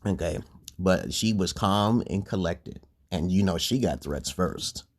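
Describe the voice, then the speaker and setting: A man rants on a livestream in a husky, breathy voice. He rambles and swears freely, and his pitch swoops high whenever he gets worked up. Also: animated, a little slow. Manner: rambling, crude, jumps to high pitch when heated. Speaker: livestream host. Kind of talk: profane livestream rant.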